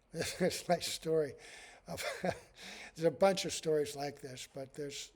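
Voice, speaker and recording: A man's voice: a little high, takes it slowly, darkish tone. A man, a monk, giving a devotional scripture class in a conversational way, chuckling often and using many fillers.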